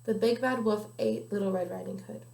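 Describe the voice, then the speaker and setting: A woman's voice: mid-range voice, steady tone, brisk, gravelly, mellow. A young woman reading a children's picture book aloud carefully, with small slips now and then. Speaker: guest reader. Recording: echoey room.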